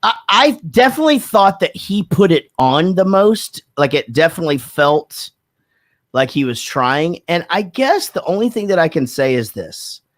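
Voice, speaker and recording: A man's voice: a little high, big pitch swings, normal speed, no echo, studio quality. A man from Texas talking casually as a podcast host, candid and profane, rambling with many restarts. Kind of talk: casual chat.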